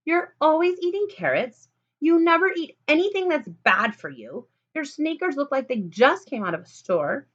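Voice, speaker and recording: Bossy furious little girl, shouty and high, storybook read-aloud, woman doing the voice; lo-fi. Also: very animated, normal speed. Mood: complaining. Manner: demanding, yelling.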